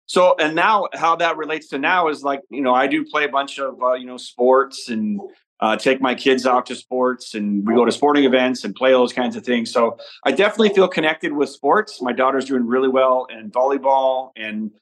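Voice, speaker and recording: A man from Nebraska, a podcast guest talking in a relaxed, rambling way about his upbringing and family. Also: medium pitch, moderate pace, poor audio. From Nebraska, USA. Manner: easygoing, rambling storyteller. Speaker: podcast guest, father and entrepreneur. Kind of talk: casual interview conversation.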